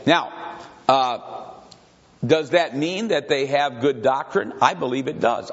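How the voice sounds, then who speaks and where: An older man from Michigan preaching a conversational sermon, rambling and digressive, repeating himself and asking the congregation questions. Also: mid-range voice. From Grand Rapids, Michigan. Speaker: pastor leading a Bible study. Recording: dull recording with long hall reverb.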